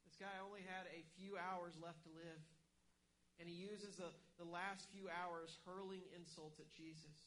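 A man with a rather high voice delivers an earnest sermon, pressing his points with emphasis and frequent restarts. A faint hum runs beneath the recording. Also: a bit bright, low-quality recording. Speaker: pastor.

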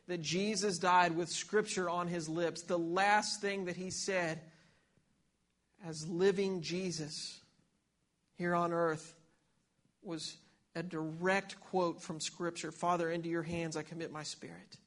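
A man's voice: sits high, fairly even intonation, takes it slowly, a bit bright. A man preaching a sermon, reading Scripture aloud and often repeating himself and restarting phrases.

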